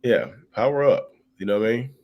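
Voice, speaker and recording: A man co-hosting a live stream in a casual, animated way. He reads viewer comments aloud and often repeats words as he searches for them. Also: medium pitch, fairly quick, highs cut off.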